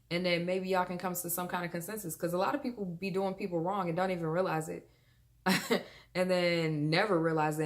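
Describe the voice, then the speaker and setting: A woman giving a frank, chatty motivational talk to her viewers, with slang and the odd laugh. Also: lowish voice. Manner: laughs between points. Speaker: vlogger. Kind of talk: casual motivational talk to camera.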